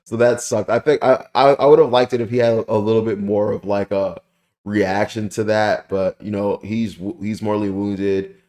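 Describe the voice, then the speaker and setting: A young man hosting a casual review channel, rambling excitedly with lots of fillers and the odd swear word. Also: on the low side, normal speed. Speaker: anime review channel host. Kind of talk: casual spoken manga chapter review. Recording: roomy echoey room.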